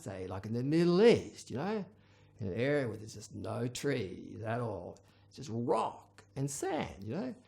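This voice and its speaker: Rambling wry storyteller with gravelly voice. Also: mid-range voice, darkish tone. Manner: rambling, many fillers, wry. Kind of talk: rambling casual monologue.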